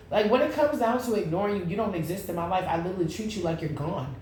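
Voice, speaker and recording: A woman's voice: on the low side, lively intonation, fast, a little mellow. A woman doing a casual tarot reading, blunt and profane, breaking into sing-song asides. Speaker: tarot reader. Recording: echoey room with faint noise.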